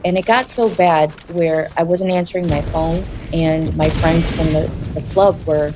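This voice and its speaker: A woman telling her personal story in an interview, in a halting, confessional way. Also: low-pitched, fairly even intonation, background noise.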